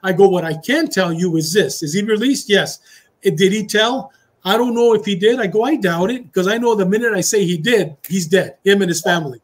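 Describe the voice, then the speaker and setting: High-voiced middle-aged ex-cop telling a story. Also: male voice. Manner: animated storyteller who acts out dialogue, slipping into Spanish phrases. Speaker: retired police officer, podcast guest. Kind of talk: casual storytelling interview.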